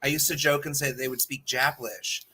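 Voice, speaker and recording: A man's voice: medium pitch, steady tone, moderate pace, pushed and bright, slight background noise. A man co-hosting a podcast, chatting casually and full of fillers and repeats. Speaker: podcast co-host. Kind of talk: casual chat.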